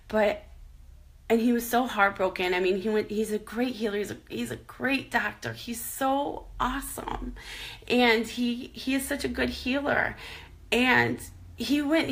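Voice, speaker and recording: Woman, vlogger. Tearful and halting, bright voice with some fry. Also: medium pitch. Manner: tearful, halting, many restarts. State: crying at times. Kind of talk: emotional personal vlog.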